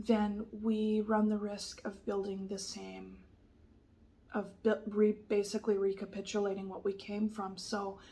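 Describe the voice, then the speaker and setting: A woman giving a soft-spoken tarot reading, gentle and reassuring, often sliding into a whisper and pausing with fillers. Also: mid-range voice, gravelly, low-quality recording. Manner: hesitant, many fillers and restarts. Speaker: tarot reader.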